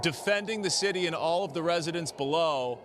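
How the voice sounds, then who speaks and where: A man reporting live outdoors in a city, steady and measured. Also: a little high. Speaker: field news reporter. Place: outdoors in a city during air defense fire. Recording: outdoor street noise and air defense.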